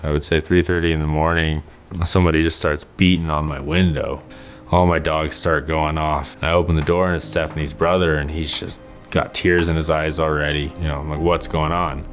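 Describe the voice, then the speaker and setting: A young man recounting a painful memory in a documentary interview, halting and stumbling over his words. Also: rumbling low, flat delivery. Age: young adult. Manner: halting, with restarts and fillers. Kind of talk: emotional personal recollection. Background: faint music.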